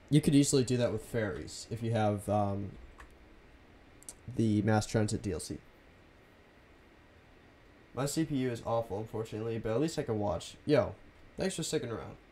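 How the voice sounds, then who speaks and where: A young man streaming a city-building game from his home computer, chatting casually with viewers in a soft, half-whispered, laid-back way. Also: medium pitch, slight background noise. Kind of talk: casual live-stream commentary.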